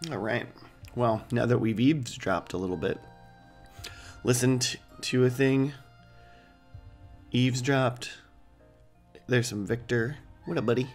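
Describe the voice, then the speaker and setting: A man's voice: mid-range voice, measured pace, pauses often, darkish tone, soft background music. A man hosting a let's play, giving casual gameplay commentary with joking, rambling asides.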